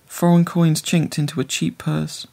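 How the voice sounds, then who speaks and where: Gravelly man narrating an audiobook. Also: on the high side, flat delivery, a little slow, dark tone. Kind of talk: scripted narration.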